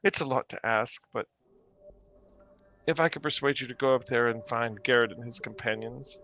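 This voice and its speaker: A man voicing a grieving, halting husband. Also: medium pitch, bright, forceful tone. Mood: pleading, humble. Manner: halting, stammering. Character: grieving worried man, humble craftsman husband. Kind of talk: tabletop game character voice.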